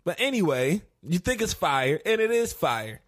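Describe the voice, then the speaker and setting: A man's voice: high voice, very animated, moderate pace. A man co-hosting a casual podcast, blunt and profane, teasing his co-host. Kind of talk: casual chat.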